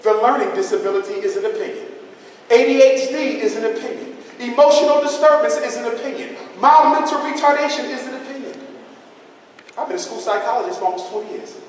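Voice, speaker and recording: A man's voice: very high voice, slight background noise. A man in his forties giving a public lecture as a school psychologist, emphatic and preachy, hammering points home by repeating them. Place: large lecture hall. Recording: echoey hall, mic far off.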